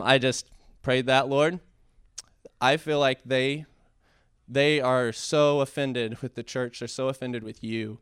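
A man's voice: mid-range voice, a bit bright, clean tone, no room sound, studio quality. Earnest man giving a church testimony. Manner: earnest, halting, with many fillers and restarts; builds to impassioned preaching. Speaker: church speaker sharing a testimony. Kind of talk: heartfelt testimony sermon.

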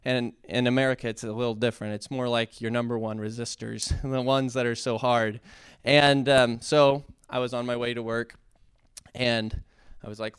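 Male speaker, earnest church testimony; smooth, resonant tone, halting delivery that rises into passionate preaching, dry recording. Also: mid-range voice, flat delivery, no room sound. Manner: earnest, halting, with many fillers and restarts; builds to impassioned preaching. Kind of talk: heartfelt testimony sermon.

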